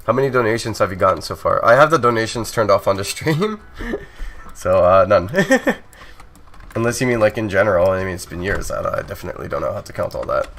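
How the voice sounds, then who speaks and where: A man's voice: on the low side, lively intonation, fairly quick, a bit bright. A man streaming his game development, chatting casually with viewers and reading their messages aloud, laughing often. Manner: laughs often, easygoing and self-mocking.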